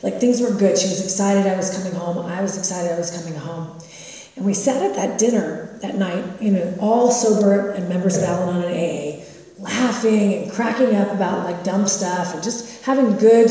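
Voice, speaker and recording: A woman in her fifties from California shares her story with a recovery meeting, candid and self-mocking. Her voice is mellow and warm. It echoes around a big hall, picked up from far off. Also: medium pitch. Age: 50s.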